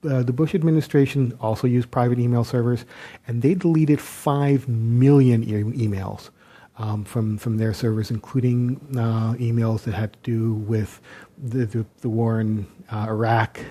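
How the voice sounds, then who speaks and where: Man, political monologue, very dark mellow tone, halting with ums, sardonic. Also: mid-range voice, fairly even intonation. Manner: hesitant, many ums and restarts, sardonic asides.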